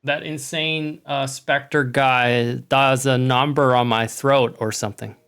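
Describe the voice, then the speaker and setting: A man's voice: mid-range voice, steady tone, slow pace, a bit bright, soft background music. A man casually commenting while streaming a game, cursing and joking, his throat slightly strained. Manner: profane, joking, laughing asides. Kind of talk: casual let's-play commentary.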